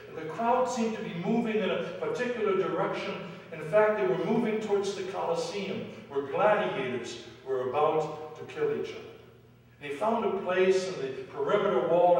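Guy preaching a sermon in a big church, far from the mic, lots of echo, goes loud then quiet. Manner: storytelling, rising to loud dramatic peaks then dropping low. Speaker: pastor. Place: church sanctuary. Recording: echoey hall from far off, faint hiss.

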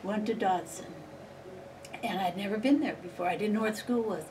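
A woman's voice: medium pitch, normal speed, a little mellow. An older woman being interviewed, reminiscing in a chatty, rambling way and laughing often. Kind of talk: reminiscing storytelling. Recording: distant mic, faint background noise.

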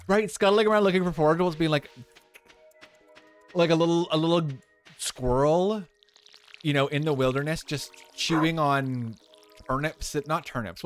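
A man's voice: a little high, normal speed, long pauses, clean tone, soft background music. A young man in drag live-streaming a farming game, chatting casually with viewers and answering their questions with lots of fillers.

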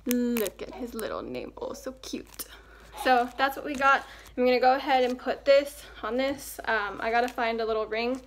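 A young woman with a fairly high, expressive voice talks at a normal pace in a home vlog shot indoors. She's chatty and upbeat, pausing to scold the dog, with slight background noise.

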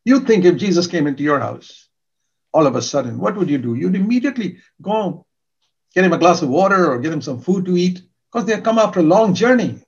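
A man's voice: sits high, big pitch swings, brisk, dull audio. An older man preaching a sermon in an earnest, emphatic way, repeating key words for stress.

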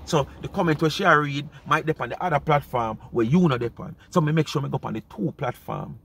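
A Jamaican man hosts a casual commentary chat in thick patois. His voice sits a little high, and he keeps hammering his points home with emphatic repetition. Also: quick pace, gravelly, fairly bright tone, a little hiss or hum. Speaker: commentary channel host.

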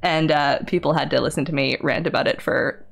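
A woman's voice: low voice, brisk, gravelly, soft background music. A woman streamer and librarian in casual live-stream chat while gaming, chatty, laughing often and reading chat aloud.

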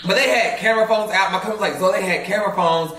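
A man's voice: high voice, racing, pushed and bright. A man telling a story with lots of animation and laughter, swearing and mimicking other people. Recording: echoey room, mic far off.

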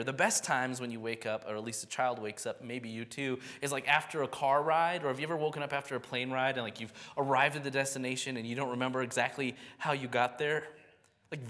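A young adult man preaching a sermon. He prays softly, reads scripture with feeling, and grows lively and animated when he tells stories. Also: mid-range voice, long reverb tail. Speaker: pastor. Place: church sanctuary.

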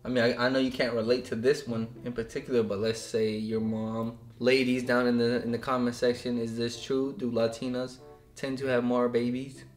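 A young man co-hosting a couple's vlog, reading prompts slowly and teasing his partner. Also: medium pitch. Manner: teasing, reads lines slowly and deadpan. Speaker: vlogger co-host reading prompts. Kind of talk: casual couple reaction chat. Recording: echoey room with faint music.

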